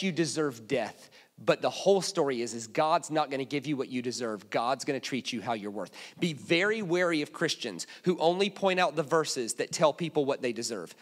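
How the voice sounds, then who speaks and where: A man preaching a sermon in a church, telling humorous stories and dropping suddenly to hushed asides. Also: mid-range voice. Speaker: guest preacher. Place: church auditorium.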